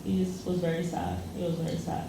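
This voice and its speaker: A woman co-hosting a casual chat tells a loose story packed with fillers. She talks fast in a lowish voice with flat delivery, recorded in an echoey room with faint noise.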